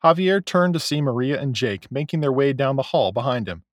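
A man narrating a novel as an audiobook, in a measured, expressive storytelling way. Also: mid-range voice, no room sound, studio quality. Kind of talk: scripted narration.

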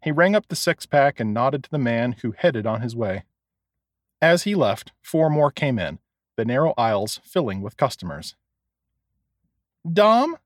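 Brief: male storyteller, lively pitch, dry close studio sound. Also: moderate pace, no room sound. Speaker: narrator. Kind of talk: audiobook narration.

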